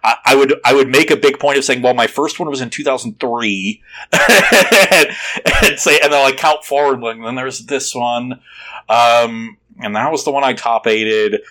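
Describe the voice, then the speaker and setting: Male co-host, bright, forceful tone, playful chat. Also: medium pitch, moderate pace. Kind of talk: casual chat.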